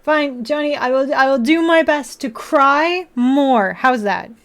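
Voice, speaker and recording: A woman's voice: high-pitched, unhurried. A woman chatting casually on a live stream while building a model kit. She laughs often and swears freely. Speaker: livestreamer building model kits.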